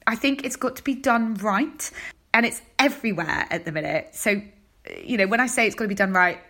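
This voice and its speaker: A woman chats casually as a show host, her mid-range voice lively and full of quick asides. She sounds friendly and gossipy, jumping from one topic to the next. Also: medium pitch. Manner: chatty, animated, quick asides with laughs. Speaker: host of a chat show segment. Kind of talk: casual chat about baking and fashion.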